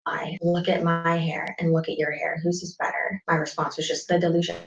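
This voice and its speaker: A woman's voice: lowish voice, flat delivery, brisk, a little hiss or hum. Incredulous woman in an echoey room. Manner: defensive, incredulous. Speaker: youtuber. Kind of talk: casual vlog storytelling. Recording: echoey room, distant lo-fi mic.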